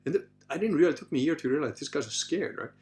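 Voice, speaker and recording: A man hosting a podcast, telling stories in a loose, animated way, swearing casually and acting out what others said. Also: on the high side, very fast. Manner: animated, swears casually, acts out quoted voices. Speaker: podcast host. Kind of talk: casual anecdotal storytelling.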